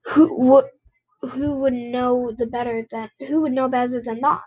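A woman's voice: high voice, steady tone, husky, highs cut off. A woman voicing a timid, apologetic teenage girl who speaks hesitantly, reading a novel aloud. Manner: hesitant, halting.

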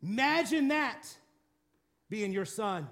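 A man with a high voice preaches a dramatic sermon. He presses hard on key phrases, then drops to a quiet, low murmur for emphasis. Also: expressive, slow. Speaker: pastor.

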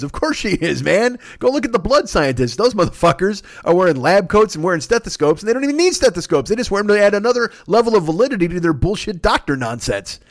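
A male podcast host rants solo in a lively, swooping voice that sits a little high for a man. He swears constantly, rambles, and laughs at his own jokes. The sound is dry and close, with no room echo. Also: brisk. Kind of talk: solo comedic rant.

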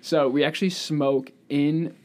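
A man's voice: on the high side, fairly even intonation, a little slow, darkish tone. A young man hosting a casual chat, telling a story in a laid-back, slangy way. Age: young adult. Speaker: podcast host.

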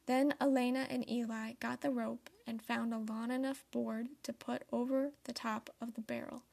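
A young woman in her late teens reading a storybook tale aloud in a soft, steady manner. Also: on the high side, moderate pace, creaky. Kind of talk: storybook narration.

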